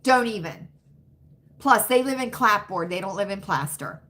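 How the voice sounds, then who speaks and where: A woman in her fifties from the United States, hosting a casual livestream and talking straight to her chat with drawn-out, emphatic asides. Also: medium pitch, lively intonation, fairly bright tone. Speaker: livestream host.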